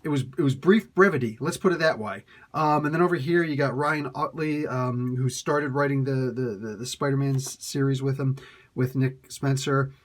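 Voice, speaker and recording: A man's voice: medium pitch, normal speed. A man reviewing comic books in a casual, rambling way, often ranting in disbelief and stumbling over repeated words. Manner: exasperated ranting with incredulous outbursts.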